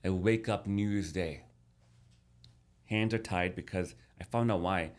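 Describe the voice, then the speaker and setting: Sitting low in pitch and speaking a little slowly, a man in his thirties tells a personal story as a podcast guest. His telling is casual and animated, with lots of restarts.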